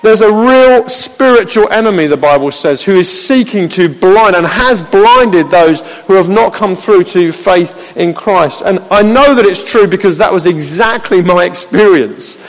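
High-pitched gravelly male preacher in a hall. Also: expressive, a little slow, hardly any pauses. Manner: conversational, anecdotal, swinging between loud exclamations and hushed reflection. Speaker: pastor. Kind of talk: sermon.

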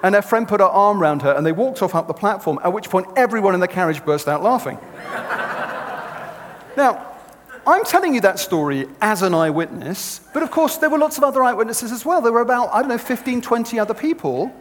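A man delivers a sermon in a high, lively voice, swinging up and down as he tells stories. His manner is conversational and animated, speaking straight to a live audience. A long hall reverb trails each phrase. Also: fairly quick, a little hiss or hum. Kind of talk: sermon with storytelling.

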